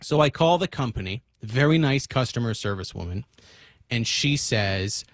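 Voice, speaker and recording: A man's voice: medium pitch, moderate pace, no room sound. A man co-hosting a talk radio show, telling a self-mocking comic story and acting out both sides of the conversation. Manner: animated, self-mocking, acts out dialogue. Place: radio studio. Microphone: studio microphone.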